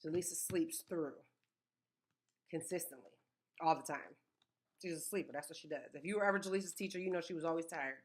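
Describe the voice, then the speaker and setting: A woman, telling stories in a casual chat, animated and emphatic, often repeating words for effect. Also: sits low, fairly quick, pauses often. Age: 30s.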